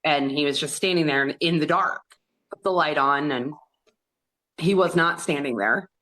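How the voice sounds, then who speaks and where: Low-voiced woman recounting a painful memory. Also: a bit bright. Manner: earnest, halting retelling of a painful memory; acts out others' words in quoted dialogue. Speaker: podcast guest. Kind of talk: personal storytelling in an interview.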